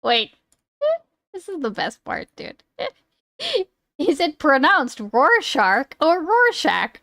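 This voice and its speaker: A woman's voice: high-pitched, animated, slow pace, fairly bright tone, dry recording, clean studio sound. A woman streamer chatting casually, swearing and laughing as she fumbles over a word. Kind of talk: casual live-stream chat.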